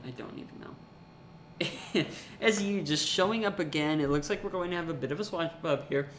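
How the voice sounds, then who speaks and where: A young man casting a college esports match, excitable and jokey, rising to shouts in the big plays. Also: a little high, echoey room, a little hiss or hum. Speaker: esports caster. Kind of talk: play-by-play commentary.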